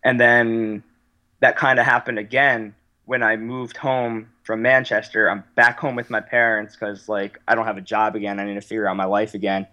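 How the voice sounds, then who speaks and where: A man's voice: lowish voice, level tone, moderate pace, pushed and bright. Self-deprecating young Philly-accented man. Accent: Philadelphia. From United States. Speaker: guest. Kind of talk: casual podcast chat.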